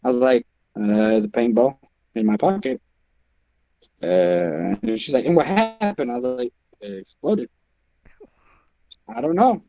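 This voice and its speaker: A man's voice: medium pitch, sing-song, unhurried, long pauses, warm tone, no room sound, soft background music, low-quality recording. A teenage boy co-hosting a stream, telling a rambling story with swearing and laughs. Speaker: stream co-host. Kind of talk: casual storytelling chat.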